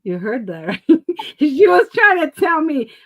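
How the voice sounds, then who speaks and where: A woman's voice: high voice, unhurried, low-quality recording. A middle-aged woman co-hosting a casual talk stream, telling a story with lots of laughter and acted-out quotes. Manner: animated storyteller, laughs often, acts out quotes. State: asthma and COPD.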